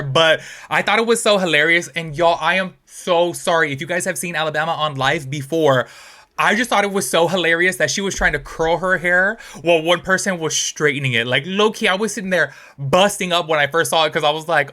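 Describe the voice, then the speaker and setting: A man hosting casual commentary, talking in a chatty, animated way and calling out to his viewers. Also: on the high side, fast talker. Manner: chatty, animated, heavy use of "like" and "y'all". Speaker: YouTube commentary host.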